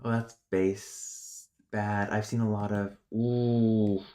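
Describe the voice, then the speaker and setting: A man's voice: lowish voice, little pitch movement, slow, dark tone. Male streamer, casual lesson host, reads notes aloud, mutters asides. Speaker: streamer teaching linguistics.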